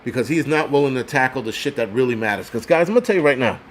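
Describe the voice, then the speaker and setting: A man's voice: mid-range voice, animated, racing, slight background noise. A man hosting a livestream, ranting in an angry, profane, heated way and stumbling over repeated words when worked up. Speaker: host of a prepping channel. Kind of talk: livestream rant.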